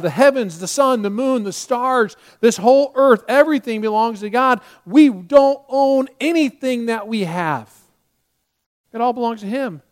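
A man preaching a sermon as pastor, repeating key lines and acting out his listeners' worries in quick asides. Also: high voice.

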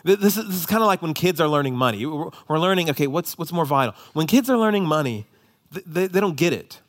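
Preaching man with a high voice. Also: expressive. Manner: dynamic, shifts between hushed and emphatic delivery; frequent quick repetitions and restarts. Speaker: pastor. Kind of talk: sermon.

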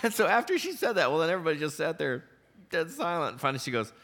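A man preaching to his congregation, weaving anecdotes and gentle humor into his sermon. His voice sits a little high for a man and rings bright and forward. He laughs often as he tells his stories. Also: big pitch swings, quick pace. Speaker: pastor. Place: church sanctuary.

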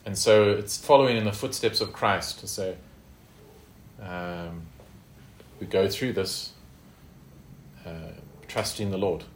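A man's voice: sits low, steady tone, takes it slowly, pauses often, reverberant, slight background noise. A man teaching a Bible study in a conversational way, with fillers and tag questions.

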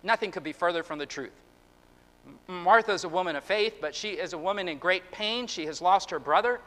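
A man preaching a sermon as pastor, earnest and halting, often restarting his words. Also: sits high, a bit bright. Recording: long reverb of a hall.

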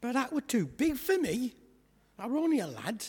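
Brief: man doing a cocky young lad, raspy and high, lively, echoey church hall. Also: normal speed, heavily acted. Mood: cheeky. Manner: chatty, jokey, asides to the congregation. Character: cheeky young shepherd lad, boastful and comic. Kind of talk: comic storytelling sketch in church.

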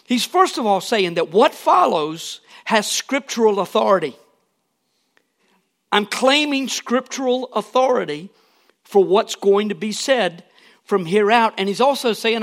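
A man preaching a sermon, his voice a little higher than most and edged with gravel. He is earnest and emphatic, leaning into key lines and breaking off for casual asides. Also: lively intonation, unhurried, a bit bright. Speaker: pastor.

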